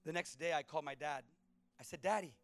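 A middle-aged man preaching a sermon, telling personal stories with animated swings between loud punches and hushed asides. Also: a little high, quick pace, gravelly, no room sound. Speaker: pastor.

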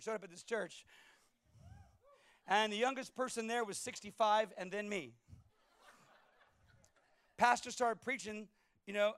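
A middle-aged male pastor with a fairly high voice preaches with lively storytelling. He swings from loud, punchy lines to quiet, intimate asides. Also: no echo. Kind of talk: sermon with personal stories.

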